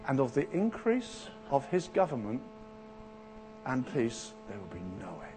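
A man preaching a sermon in a church, animated, acting out the voices of people in Bible stories. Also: mid-range voice, a little slow, soft background music. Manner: animated, acts out Bible voices with rising intensity.

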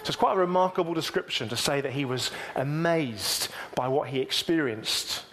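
A man preaching a sermon, reading scripture aloud and then explaining it in a measured way. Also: fairly high pitch, a bit bright.

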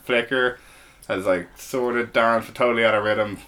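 Bright-voiced jokey podcast man. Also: medium pitch, fairly even intonation, moderate pace. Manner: jokey, rambling, builds absurd comparisons. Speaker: podcast co-host. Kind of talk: casual comedic chat.

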